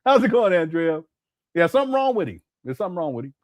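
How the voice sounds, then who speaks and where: Man, slightly high voice, dry close sound; casual, laughing stream commentator. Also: very animated, quick pace, no room sound. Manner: laughs often, mocking asides.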